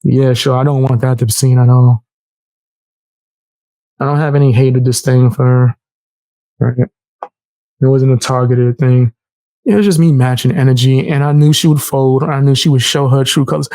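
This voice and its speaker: Young guy streaming, trash talking and cussing a lot, gravelly voice, dry close sound. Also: normal speed, long pauses, no room sound. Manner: brash, profane trash talk with frequent laughs; animated, jumping sharply high when mocking. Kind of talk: casual stream commentary.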